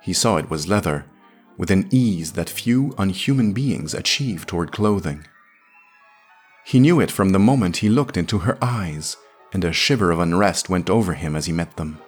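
A man reading a classic science fiction story aloud in a measured, descriptive storytelling manner. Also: deep voice, animated, husky, soft background music. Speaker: podcast narrator.

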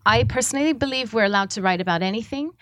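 Halting woman author at a reading. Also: fairly high pitch, fairly bright tone, no room sound, clean studio sound. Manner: halting, with many ums and uhs. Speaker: author reading her work. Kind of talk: public book reading.

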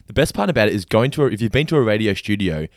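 A man's voice: fairly low pitch, expressive, very fast, no room sound, clean studio sound. An Australian man co-hosting a podcast, chatty and teasing, rambling through his points. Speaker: podcast co-host. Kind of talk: casual chat.

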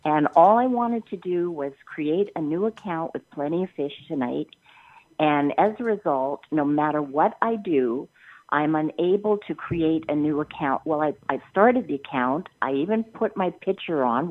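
A woman's voice: deep voice, expressive, moderate pace. An older woman from Canada, upset and near tears, complaining at length on the phone and circling back over her grievance. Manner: long-winded, indignant, circling back and repeating herself. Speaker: prank call target. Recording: tinny phone line.

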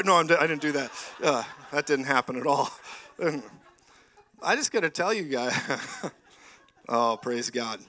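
Guy preaching to a church crowd, bright punchy voice, gets folks to repeat after him. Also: a little high, normal speed, long pauses. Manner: call-and-response, has congregation repeat phrases; animated storytelling with laughter. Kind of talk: sermon. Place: church hall with live congregation.

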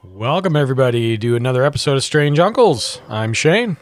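A man's voice: mid-range voice, sing-song, brisk, soft background music. A man hosting a podcast in casual chat, joking and laughing with profane banter. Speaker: podcast host.

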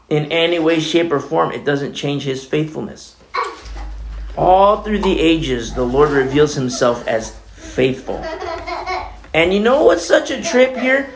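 Gravelly-voiced man preaching a sermon. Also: fairly high pitch, roomy sound, noisy background. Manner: conversational, animated preaching with asides. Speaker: pastor. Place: church.

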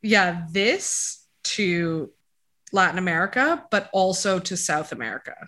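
A woman's voice: on the low side, expressive, unhurried, bright, forceful tone. A woman chatting casually as she reads out her dog's DNA results, making jokey asides to her dog. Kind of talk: casual chat.

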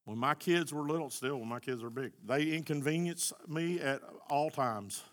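A middle-aged man, preaching a sermon as pastor, rising to shouts at the high points. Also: moderate pace. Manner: impassioned, shouting at peaks.

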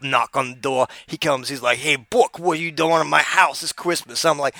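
A man doing a comic impression of a brash, boastful male wrestling personality who drawls through tall tales and shouts taunts. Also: mid-range voice, gravelly, no echo, studio quality, full character voice.

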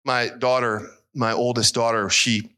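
A middle-aged man preaching a sermon as pastor, earnest and emotional, his voice climbing high as he is moved. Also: level tone, a little slow, sharp tone.

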